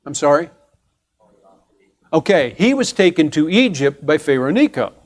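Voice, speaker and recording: Guy teaching sunday bible class at church, voice a bit on the high side, chatty, asks the class stuff, restarts a lot. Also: sing-song. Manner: conversational, explains step by step with pauses and restarts.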